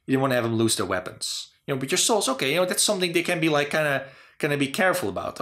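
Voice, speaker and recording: A man's voice: on the high side, very animated, rapid-fire, fairly bright tone. Rambling man talking casually about games. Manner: rambling, full of "you know" and "like". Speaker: channel host. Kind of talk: casual opinion talk on game design.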